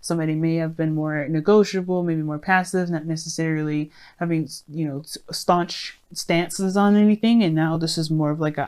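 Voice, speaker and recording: A woman's voice: deep voice, fairly even intonation, normal speed, few pauses, a little mellow, smooth. A woman giving a casual tarot reading, rambling with many fillers and restarts as she talks straight to her viewers. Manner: addresses viewers directly, friendly. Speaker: tarot reader.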